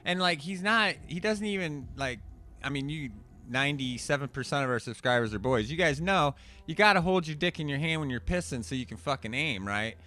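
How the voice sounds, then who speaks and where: A young man telling a profane story in animated rants while commentating a card game. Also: a little high, a little fast. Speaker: gameplay commentator. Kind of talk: casual storytelling over gameplay.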